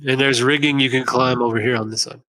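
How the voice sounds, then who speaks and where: A man at a middle pitch runs an online tabletop game as game master. He talks casually, swears now and then, and narrates in quick bursts. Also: steady tone, bright, forceful tone, low-quality recording.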